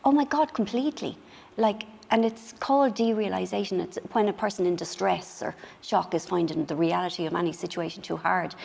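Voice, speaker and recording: A woman's voice: fairly low pitch, fairly even intonation, brisk, vocal fry, darkish tone, long reverb tail, a little hiss or hum. A middle-aged woman, a guest on a book show, chatting candidly and self-mockingly, acting out little scenes in quoted voices. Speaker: author guest.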